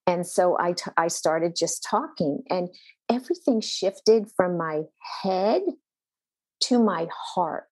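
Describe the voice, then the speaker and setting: A woman's voice: lowish voice, takes it slowly, a little mellow, dry recording. A woman pastor, a podcast guest, telling a personal faith story in an earnest, intense way with a shifting pace.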